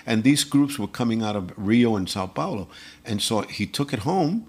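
A man's voice: mid-range voice, moderate pace, breathy edge. A man, a percussionist and singer, telling stories in a casual interview, acting out the dialogue and chuckling as he goes. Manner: animated anecdote-telling with quoted dialogue and chuckles. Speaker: guest musician, percussionist and vocalist.

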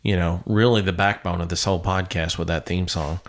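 Joking male podcast host, low voice. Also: fairly quick, slight background noise. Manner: relaxed, joking, asks long open questions. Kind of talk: casual interview chat.

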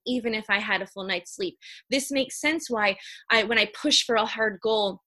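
A woman, likely in her thirties, talking animatedly and earnestly as a guest in a casual interview. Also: brisk. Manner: high-energy, animated, earnest. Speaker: human design reader, podcast guest.

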